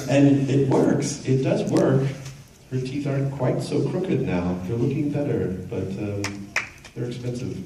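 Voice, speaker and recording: A middle-aged man jokes his way through a convention panel, wandering off on tangents. His voice sits a little low but swings widely in pitch. It is caught from far away in a very echoey hall, with a crowd audible behind him. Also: animated, a little slow. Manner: joking, rambling off on tangents. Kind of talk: casual convention panel talk. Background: audience laughter and crowd.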